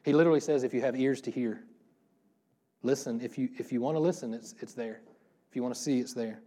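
In a church room facing his congregation, a man preaches a laid-back, interactive sermon, asking questions and laughing often. His voice is medium in pitch, fast, and dark in tone.

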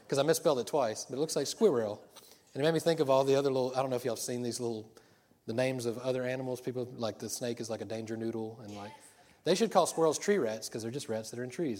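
A man's voice: medium pitch, a little mellow. A middle-aged man preaching a sermon in a chatty, joking way, laughing often. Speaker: pastor.

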